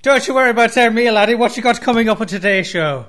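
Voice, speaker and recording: A man's voice: very high-pitched, animated, fast, fairly bright tone, voice pushed up. A man putting on a brash fake-bloke. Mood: swaggering. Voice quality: exaggerated, crude and overblown. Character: brash, cheeky Irish-style man called O'Neill.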